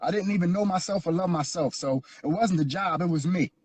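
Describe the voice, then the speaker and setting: Husky-voiced man giving heartfelt testimony. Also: high voice, brisk, a little mellow. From Philadelphia, USA. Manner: earnest, repetitive, rising into preaching. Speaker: guest sharing his life story. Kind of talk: emotional personal testimony.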